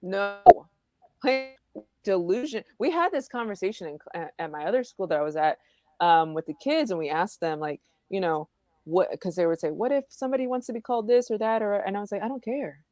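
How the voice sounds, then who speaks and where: A woman's voice: medium pitch, fairly quick, dry recording, soft background music. A woman teacher, guest on a podcast, telling stories animatedly and acting out what people said. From Houston, Texas. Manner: animated storytelling, acts out quotes. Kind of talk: casual conversation.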